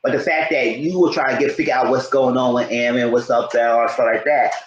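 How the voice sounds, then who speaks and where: A man giving a rambling, animated recap of a TV episode in a casual commentary style. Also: medium pitch, a little fast, lo-fi sound. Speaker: TV show reviewer. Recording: roomy echo.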